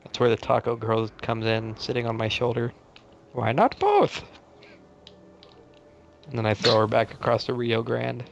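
Young man, gaming chat, jokey, unhurried delivery. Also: medium pitch, animated, gravelly. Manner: joking, mock-serious asides. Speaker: gaming channel host. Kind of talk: casual gaming banter.

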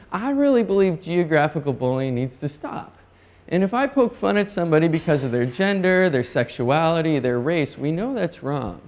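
A young man from North Dakota giving a lively, jokey conference keynote and asking the audience questions. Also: high voice. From North Dakota, USA. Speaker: keynote speaker. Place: conference hall.

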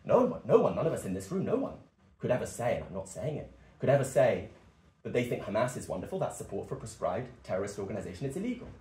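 A man's voice: medium pitch, sing-song, fast, darkish tone. A young man giving an impassioned, emphatic political speech at a meeting. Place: meeting room. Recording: echoey meeting room.

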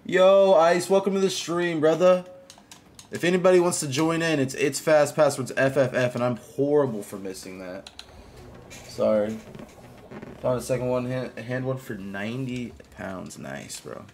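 Gravelly-voiced male game streamer. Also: mid-range voice, moderate pace, darkish tone, slight background noise. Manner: greets viewers and reacts to gameplay. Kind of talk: casual live-stream gaming chat.

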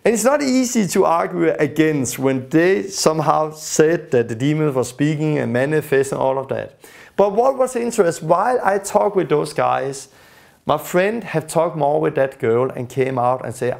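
Gravelly high-voiced male teacher. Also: expressive, moderate pace, darkish tone. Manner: storytelling, acts out the people he quotes. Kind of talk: teaching lesson.

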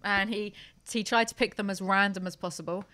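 Woman, podcast host, brash, jokey, casual banter, mid-pitched voice. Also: steady tone, a little fast, sharp tone. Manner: brash, jokey, swearing freely.

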